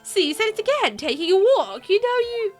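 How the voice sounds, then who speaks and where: A woman's voice: very high voice, sing-song, fairly quick, soft background music, voice pushed up. A woman voicing a pompous, posh young male drifter who talks at length with theatrical haughtiness in a game read-through. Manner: haughty, long-winded, theatrical.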